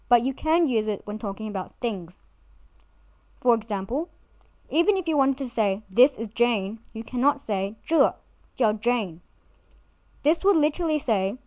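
Woman teaching a language lesson, clear and careful, slows down on the example words, a bit high, dry close sound. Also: no echo. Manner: clear, careful, slows down to model each word. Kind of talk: scripted instructional narration.

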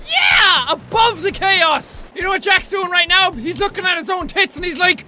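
A young man yelling and joking through loud, manic let's-play commentary. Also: extremely high pitch, lively intonation, moderate pace, over music. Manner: loud, manic, shouting and yelping. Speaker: gaming YouTuber.

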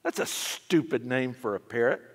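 A man's voice: medium pitch, lively intonation, moderate pace, voice pushed down. A man voicing a startled male burglar who talks in an incredulous, mocking way, in a long reverberant hall. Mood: scornful. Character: startled male burglar, nervous then scornful.

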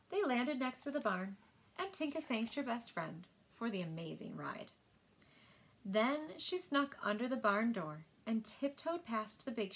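A woman librarian reads picture books aloud, expressive and sing-song. Her voice sits a bit high and rises and falls with lively movement. Gentle storytime narration. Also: gravelly.

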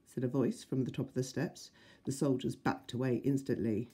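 A woman teacher reading a children's storybook aloud to her class. Her voice is mellow and breathy, and she tells the story in a friendly, expressive way. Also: a bass voice, normal speed.

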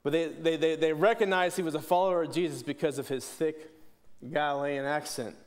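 Man, church sermon, earnest, repeats himself, slightly high voice. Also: steady tone, brisk. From Pittsburgh, USA. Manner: earnest, many restarts and repeated words. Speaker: preacher.

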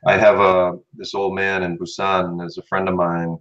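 American man, very low voice, relaxed chatty student in a casual lesson, slightly dull recording. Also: normal speed. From United States. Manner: relaxed, chatty, repeats words after the teacher.

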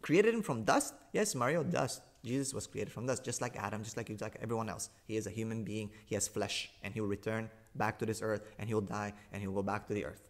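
A man's voice: quick pace, hardly any pauses. A man delivering a sarcastic, emphatic argumentative monologue as a religious commentator, hammering points home with repetition. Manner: repeats points for emphasis with big swings in pitch and loudness. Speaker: religious commentator rebutting a video.

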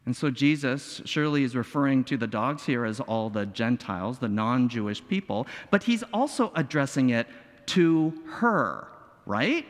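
A male pastor preaching a sermon, expressive and full of rhetorical questions and dramatic pauses. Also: mid-range voice. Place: church sanctuary. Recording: long hall reverb.

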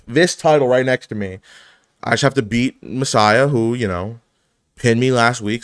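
A young man streaming a wrestling video game, giving excitable, trash-talking commentary that swings from mumbling to yelling. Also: medium pitch. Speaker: gaming streamer. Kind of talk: live gameplay commentary.

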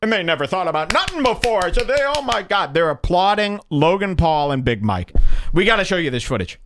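Male podcast host, mock-serious sarcastic rambler, fairly high voice with big animated swings. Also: brisk, noisy background. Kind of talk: rambling comedic monologue.

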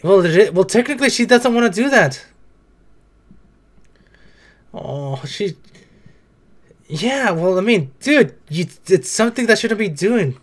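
A man's voice: high voice, animated, unhurried, long pauses. A young man talking back at the screen in casual reaction commentary, chatty and swearing now and then. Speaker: reaction video host.

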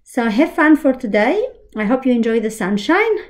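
A young woman teacher gently explaining an art activity step by step to young children at home. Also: on the high side, sing-song, moderate pace. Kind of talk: remote lesson instructions for young children.

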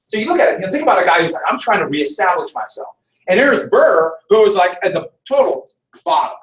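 Teaching a history lesson, a man speaks fast and very animatedly, his somewhat high voice swinging widely as he drives points home with rhetorical questions. The mic is distant, so the room's echo lingers on every phrase.

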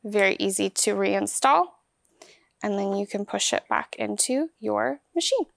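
A woman's voice: medium pitch, expressive, measured pace, vocal fry, no room sound. A woman giving a hands-on product demonstration, explaining each step in an upbeat, chatty way. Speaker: vacuum store product demonstrator.

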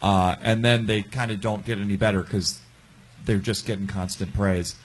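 A man's voice: lowish voice, fairly even intonation, normal speed. Blunt man roasting on a comedy panel. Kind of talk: live comedy panel banter.

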